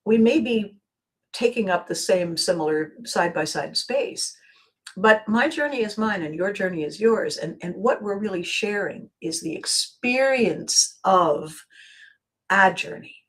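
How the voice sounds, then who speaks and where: A woman's voice: medium pitch, lively intonation, measured pace. A woman hosting a live motivational video. She talks earnestly, often repeats a word as she restarts a sentence, and greets viewers by name.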